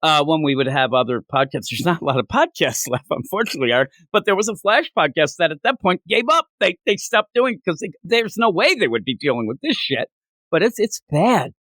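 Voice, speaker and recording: A man co-hosting a comics podcast, ranting in loose, profane chat and slipping into mock voices. His pitch sits a little high and swings widely. The sound is dry and close. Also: very animated, a little fast, pushed and bright, no echo. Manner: ranting, profane, mimics characters in silly voices. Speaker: podcast co-host. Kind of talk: casual comic review chat.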